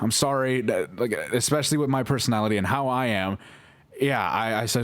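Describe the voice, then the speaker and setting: A young man telling his side of a story in a halting, emotional monologue, swearing and correcting himself as he goes. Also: mid-range voice, expressive. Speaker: vlogger responding to accusations.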